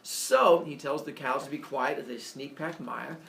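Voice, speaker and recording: A man casually retelling a myth as a comedy story, animated, with jokey asides and lots of fillers. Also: mid-range voice, normal speed, vocal fry, slight background noise. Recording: echoey room, mic far off.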